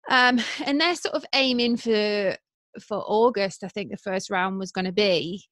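A woman's voice: medium pitch, unhurried, no room sound. Woman podcast host, dry close sound. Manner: brief encouraging backchannels, relaxed questions. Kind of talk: casual podcast interview.

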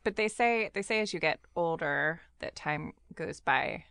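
A woman's voice: low voice, lively intonation, a little slow, creaky, fairly bright tone, no room sound, studio quality. A woman in her thirties co-hosting a podcast, chatting casually and laughing often. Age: 30s. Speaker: podcast co-host. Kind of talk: casual chat.

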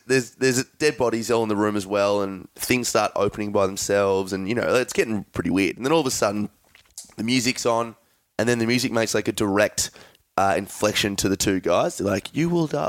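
A man's voice: fairly low pitch, steady tone, a little fast, no room sound. A man co-hosting a podcast, rambling through a movie recap with crude jokes and lots of fillers. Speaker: podcast co-host. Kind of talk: casual chat.

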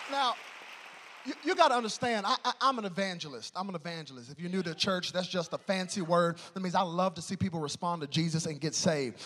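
A man preaching a sermon, telling a humorous story and swinging between loud excitement and hushed tones. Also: sits high, long reverb tail.

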